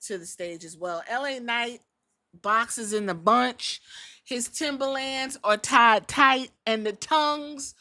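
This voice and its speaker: A woman hosting a podcast, telling a wrestling recap in a casual, joking and profane way and acting out what people said. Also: medium pitch. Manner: animated storytelling, acting out quotes, profane and joking. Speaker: podcast host.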